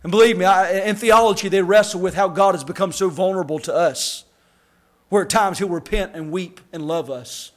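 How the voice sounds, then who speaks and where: A man preaches a sermon as pastor. His voice sits very high for a man, climbing into shouted, singsong lines before dropping to quiet, hushed asides. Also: fairly quick.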